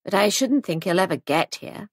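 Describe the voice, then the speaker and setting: A woman's voice: mid-range voice, lively intonation, moderate pace, husky, dry recording, studio quality. A woman voicing a flustered young innkeeper who speaks in a fretful, exclaiming way.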